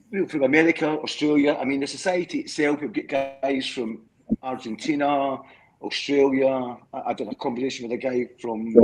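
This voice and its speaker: A man's voice: medium pitch, breathy edge, low-quality recording. A Scottish man chatting on a live stream call, rambling through stories, repeating words and checking in with "do you know what I mean". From Scotland. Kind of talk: casual live chat.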